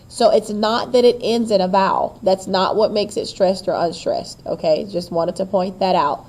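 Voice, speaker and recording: A woman's voice: medium pitch, slow, a little mellow. A woman teacher giving a poetry lesson, chatting to her class with self-deprecating asides and drawing out syllables to show the stress. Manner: stretches out and stresses syllables to demonstrate rhythm. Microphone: recorded on a camera while writing on paper.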